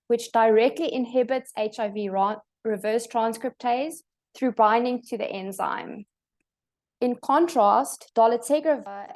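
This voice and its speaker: Young south african woman reading slides on a video call, steady and formal, restarts a word here and there. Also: a little high. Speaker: presenter. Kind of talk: academic presentation.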